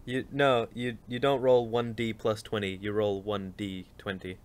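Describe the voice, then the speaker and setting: A man's voice: fairly low pitch, flat delivery, moderate pace. A man running a tabletop game as game master, narrating scenes and explaining rules patiently.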